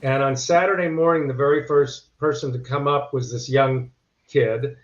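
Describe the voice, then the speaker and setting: A man's voice: medium pitch, fairly even intonation, moderate pace. A male actor, a podcast guest, telling casual anecdotes with wry punchlines. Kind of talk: casual storytelling. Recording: echoey, dull lo-fi remote audio.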